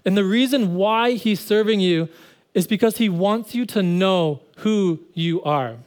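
A man's voice: sits high, a little slow, a little mellow. A man preaching a sermon in an earnest way, repeating phrases for emphasis and now and then speeding up. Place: church service.

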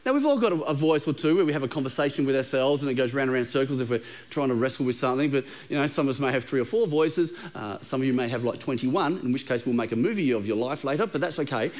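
A man's voice: medium pitch, quick pace, few pauses, darkish tone. A middle-aged man preaching a sermon to a congregation, conversational and humorous, often repeating words as he goes. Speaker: pastor. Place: church auditorium with a live congregation.

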